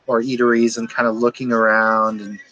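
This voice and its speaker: A man's voice: medium pitch, little pitch movement, a little fast, bright, forceful tone, lo-fi sound, soft background music. A man narrating a tabletop game as game master, rambling and descriptive with frequent fillers.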